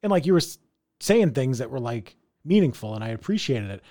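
A man of middle pitch chatting casually on a podcast, his voice rising and dropping widely as he tells stories. He teases his co-host, swears freely and laughs easily. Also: a little fast. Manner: animated, teasing, swears freely, laughs often. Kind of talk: casual chat.

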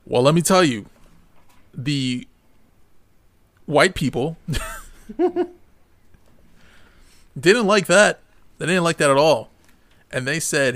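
Podcast co-host, male, mid-pitched, laughs through his animated stories. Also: measured pace, long pauses. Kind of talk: casual podcast chat.

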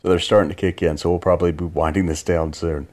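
A very low-pitched man talks through a late-night podcast monologue from his bed. He rambles and loops back on himself, drowsy and unhurried, restarting sentences as he goes. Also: little pitch movement, a little mellow. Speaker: podcast host. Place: in bed at home.

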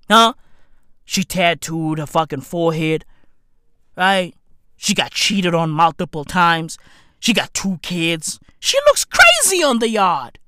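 A man doing a comedic gossip rant, profane and slangy, repeating lines for emphasis and bursting into shouts. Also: sits high, no room sound, studio quality. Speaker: commentator.

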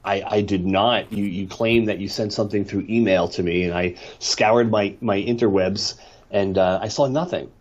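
A man's voice: fairly low pitch, normal speed, highs cut off. A middle-aged man co-hosting a podcast, chatting casually and telling rambling stories with wry complaints, a bit worn down by allergies. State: congested from allergies. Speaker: podcast co-host.

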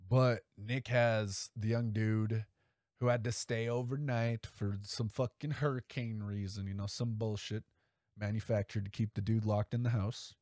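A man's voice: fairly low pitch, fairly even intonation, unhurried, a little mellow, no echo, clean studio sound. A man hosting a podcast in a casual, rambling way, swearing freely and leaning on "like" and "you know". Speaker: podcast host. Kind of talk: casual chat.

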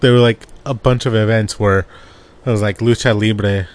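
Laid-back young man musing, low-pitched. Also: steady tone, normal speed. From Arizona. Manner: rambling, laughs often while telling stories. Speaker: podcast host. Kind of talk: casual personal monologue. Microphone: own desk microphone.

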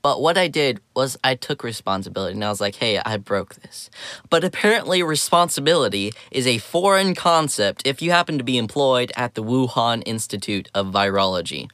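A man in his twenties talks through his podcast topics in a loose, joking way. His voice is mid-pitched and recorded dry and close. He drops sarcastic asides in with ease. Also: expressive, brisk, few pauses, a bit bright, dry recording. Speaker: podcast host. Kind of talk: casual commentary monologue.

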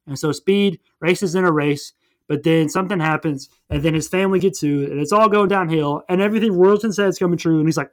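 A young man with a somewhat high-pitched voice rambles through a movie plot in casual conversation. He tells it in an animated way and slips into quick character voices as he goes. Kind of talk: casual movie recap chat.

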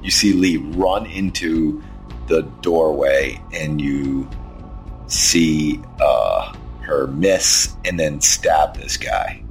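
A man's voice: extremely low pitch, very slow, creaky, soft background music. A man running a tabletop game as game master, narrating the action in an easygoing way. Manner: easygoing, descriptive, laughs often.

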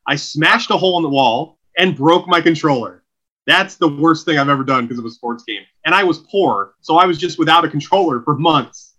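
A man's voice: fairly high pitch, fairly quick, sharp tone, poor audio. A man from Oregon co-hosting a comedy podcast, joking, teasing and telling stories in a casual chat. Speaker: podcast co-host.

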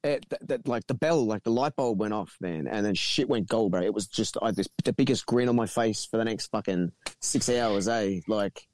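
A man's voice: on the low side, moderate pace, few pauses, a little mellow, no echo. A man telling a rambling story in casual podcast chat, swearing freely as he goes. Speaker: guest.

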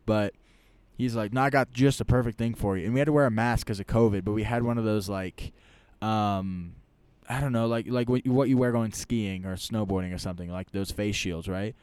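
A man telling a story in casual chat, rambling and animated, often tagging lines with "right?". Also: on the low side, normal speed, smooth, no echo.

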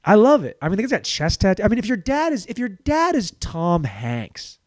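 A man delivering a profane, rambling comedy monologue in a slightly raised voice. His pitch leaps around in an animated way as he riffs. The sound is dry and close to the mic. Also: normal speed, dry recording.

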